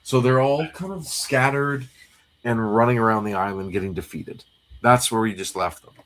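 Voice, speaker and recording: A man's voice: medium pitch, moderate pace, a bit bright. A man co-hosting a casual comic read-through livestream, recapping the plot in a rambling way with many fillers. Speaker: co-host.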